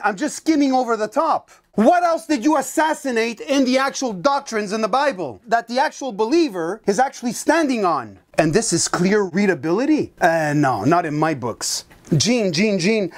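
A woman Bible teacher preaching in a fiery, indignant and sarcastic way. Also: on the high side.

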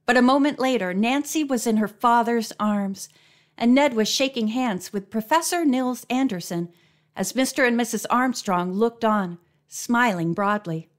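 A woman narrating an audiobook of a mystery novel, her voice sitting fairly high. She reads in a steady, clear storytelling manner. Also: a little slow. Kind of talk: scripted narration.

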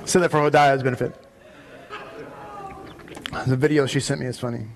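A man preaching a sermon in a synagogue, arguing emphatically and rising to loud peaks on key points. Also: medium pitch, steady tone, moderate pace, vocal fry, background noise. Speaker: rabbi.

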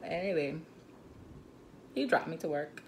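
A woman in her twenties with a Turks and Caicos Islands accent telling a storytime vlog, animated and indignant, with frequent asides, on a phone camera mic. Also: sits low, unhurried, slight background noise. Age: 20s. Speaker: vlogger.

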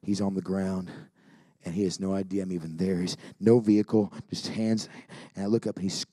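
A man preaching a Pentecostal sermon who swings from shouting to quiet storytelling. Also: low-pitched, flat delivery, a little fast, dry recording. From Alaska. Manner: builds to shouting, then drops to quiet storytelling. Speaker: pastor.

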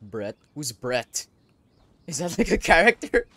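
A young man giving casual gameplay commentary, crude and excitable, breaking into sudden loud outbursts. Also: a little high, a little slow, gravelly. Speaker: gaming YouTuber. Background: faint game music.

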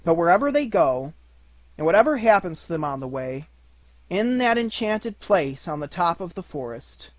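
A man reading a children's storybook aloud, gentle and measured in delivery. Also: sits high, big pitch swings, no room sound. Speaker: audiobook reader. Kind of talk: storybook narration.

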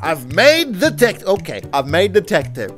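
An excitable man runs through casual gameplay commentary full of jokes and freely dropped swear words. His voice sits high and swings widely in pitch. Soft music plays underneath. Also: moderate pace. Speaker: gaming YouTuber.

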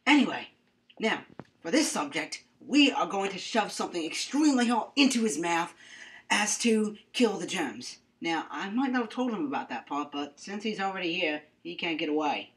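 A woman's voice: on the low side, animated, moderate pace, fairly bright tone. A young woman presenting a comedic mock-science skit, rambling and mock-serious with playful asides. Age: young adult.

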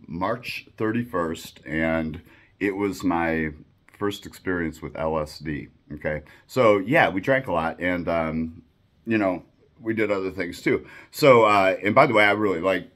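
A man in his fifties with a very low, deep voice tells a story straight to the listener. He rambles and curses freely, and he fills his pauses with "you know" and "uh". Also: a bit bright. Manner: rambling, swears freely, many fillers. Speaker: storyteller recounting his past. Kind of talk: casual storytelling monologue.

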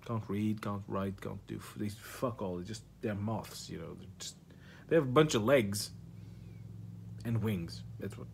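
A man's voice: fairly low pitch, unhurried, vocal fry, slight background noise. A man who does stand-up, telling a rambling, profane, absurd story straight to camera. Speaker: comedian vlogger. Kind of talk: rambling comic monologue to camera.

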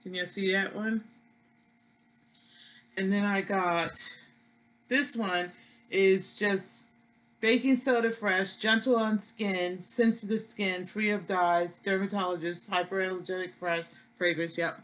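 A woman's voice: medium pitch, fairly even intonation, slow, a bit bright, low-quality recording. A woman with a New York accent, chatting casually to viewers in a product haul vlog, folksy and talkative. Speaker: vlogger.

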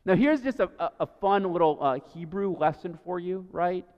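A man's voice: sits high, lively intonation, moderate pace. A man preaching a sermon as a pastor, in a conversational way, often checking in with the listener by asking "right?". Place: church sanctuary. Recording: dull sound with long church reverb.

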